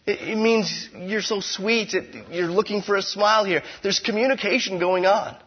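Husky pastor preaching conversationally. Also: male voice, high voice, normal speed, dull audio. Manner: conversational preaching with playful asides and swings from loud to hushed. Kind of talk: sermon.

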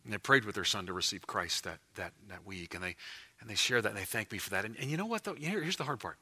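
A man preaching a sermon as pastor in a church, animated and emphatic, often restarting his phrases. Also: on the low side, quick pace, breathy edge. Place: church before a congregation.

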